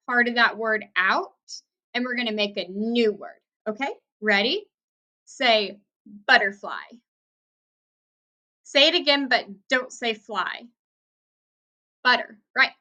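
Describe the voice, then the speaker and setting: A young woman teaching first graders a recorded phonics lesson, speaking clearly and encouragingly with steady praise. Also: on the high side, slow, long pauses.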